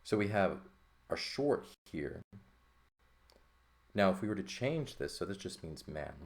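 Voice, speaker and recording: Low, gravelly male teacher; relaxed, thinking-aloud delivery with lots of "right?". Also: a little slow. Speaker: Greek teacher. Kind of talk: casual lesson walkthrough.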